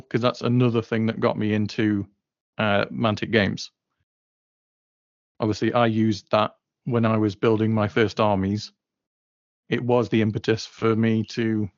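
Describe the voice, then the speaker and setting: A man from Staffordshire chatting as a podcast guest in a relaxed, matter-of-fact way. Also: mid-range voice, no room sound, dull audio. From Staffordshire, England. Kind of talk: casual chat.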